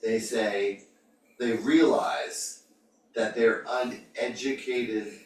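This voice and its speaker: Man leading a church study group, animated questioner, distant mic in an echoey room. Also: medium pitch, drawn-out words. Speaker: Bible class leader. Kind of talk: group Bible discussion. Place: church classroom.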